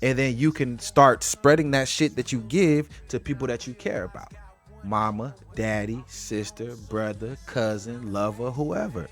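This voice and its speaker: A man delivers a blunt, profane motivational talk straight to the camera. His pitch sits in an ordinary middle range. Faint music plays under the voice. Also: measured pace. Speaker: vlogger giving life advice. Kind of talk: casual motivational monologue to camera.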